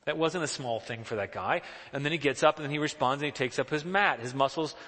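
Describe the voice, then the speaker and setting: Earnest preacher with a bright voice. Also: male voice, fairly high pitch, fast, in a large hall. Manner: earnest, questioning, emphatic. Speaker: pastor. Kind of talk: sermon.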